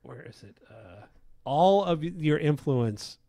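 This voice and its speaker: Slow-paced and expressive, a lead game designer talks on a casual livestream in a warm voice on the high side. Enthusiastic and rambling, he frequently restarts his sentences and uses lots of fillers. The studio sound is clean, with no echo.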